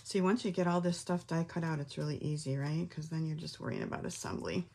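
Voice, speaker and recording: A woman's voice: low-pitched, fairly even intonation, fast talker, vocal fry, darkish tone, a little hiss or hum. A middle-aged woman hosting a casual craft tutorial from her home craft room, chatting and thinking aloud as she works. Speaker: craft class host.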